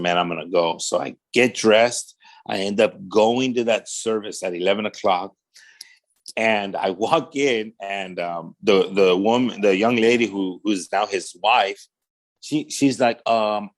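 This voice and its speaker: His voice is fairly low and unhurried as this pastor gives his testimony on a podcast. Animated and slangy, he often says "man" and acts out the dialogue of people from his story.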